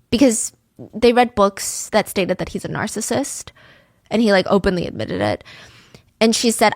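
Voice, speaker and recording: A woman's voice: mid-range voice, moderate pace, dry recording, clean studio sound. A woman hosting a true crime podcast, telling the case in a casual, conversational way with frequent fillers.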